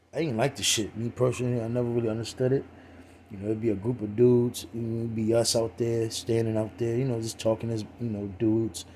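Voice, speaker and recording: A man's voice: medium pitch, a little mellow, slight background noise. A man giving a casual religious talk in a streetwise, profane way, full of "you know" fillers.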